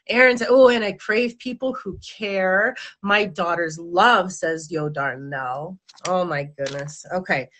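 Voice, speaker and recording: A woman's voice: mid-range voice, fairly bright tone. A woman hosting a live-stream talk show, chatty and giggly, stumbling over her words as she reads out viewer comments. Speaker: host.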